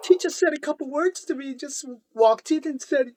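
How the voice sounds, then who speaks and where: A man telling his own story in an emotional podcast conversation, expressive and halting, laughing often and tearful. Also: very high-pitched, no echo. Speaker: guest.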